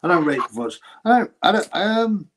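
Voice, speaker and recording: A man's voice: sits high, very animated, normal speed, fairly bright tone. Blunt British man answering live chat. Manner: blunt, crude, reads viewer questions aloud then answers. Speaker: livestream host answering chat. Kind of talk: casual live-chat commentary.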